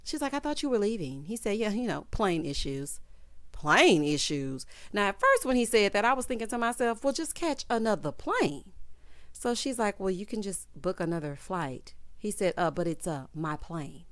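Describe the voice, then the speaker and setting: A woman hosting a casual TV recap, retelling scenes in a sassy, animated way with quoted voices. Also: medium pitch, normal speed, dry recording. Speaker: TV recap host.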